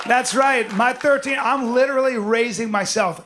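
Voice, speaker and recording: Middle-aged guy doing stand-up, high voice, loud and cocky, crowd noise under him. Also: normal speed. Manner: loud, swaggering, punchy delivery with frequent shouting. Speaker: stand-up comedian. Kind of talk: stand-up comedy set. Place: stage before a live audience. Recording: live show with audible audience noise.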